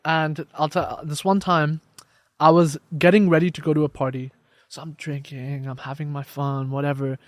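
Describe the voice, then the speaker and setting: A young man chats on a podcast in a fairly high voice, recorded close and dry. He tells his story with animated energy, acting out what others said along the way. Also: moderate pace, no room sound. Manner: animated storyteller, acts out quoted dialogue. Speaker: podcast guest, life coach. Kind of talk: casual podcast conversation.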